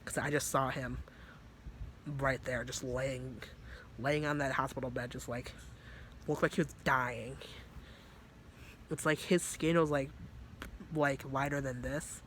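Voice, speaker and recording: A man's voice: mid-range voice, fairly even intonation, a little slow, pauses often, fairly bright tone, slight background noise. A man telling a story in a casual, rambling way, full of fillers and swearing. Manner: rambling, filler-heavy and profane. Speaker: vlogger.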